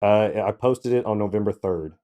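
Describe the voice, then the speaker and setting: Laid-back guy, kinda low and warm, chuckling through a podcast story. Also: moderate pace. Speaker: co-host. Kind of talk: casual chat.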